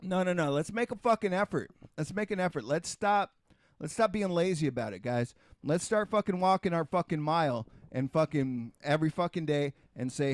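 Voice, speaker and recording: A middle-aged man on a casual podcast, swearing constantly as he hammers his point home. His voice sits a bit high for a man, and the sound is dry and close, with no room around it. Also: moderate pace, no echo. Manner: heavily profane, emphatic ranting; repetitive, restarts and rhetorical questions. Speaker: podcast host.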